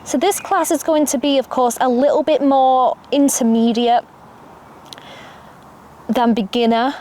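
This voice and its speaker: A young adult woman teaching a yoga class outdoors, giving calm step-by-step cues. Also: sits high, a little slow, a little hiss or hum. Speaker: yoga instructor. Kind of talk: guided yoga class instruction. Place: outdoors, birds audible. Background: faint outdoor ambience with birdsong.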